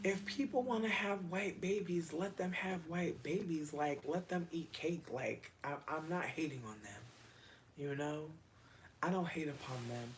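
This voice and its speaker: A livestreamer chatting casually with viewers in a rambling, profane way, with quick asides, bursts of excitement and lots of slang. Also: mid-range voice, slight background noise.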